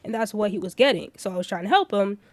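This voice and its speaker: A Florida woman in her 20s livestreams in a casual, blunt style, swearing constantly as she vents and rants through her stories. Her medium-pitched voice is animated and fast, with no room sound.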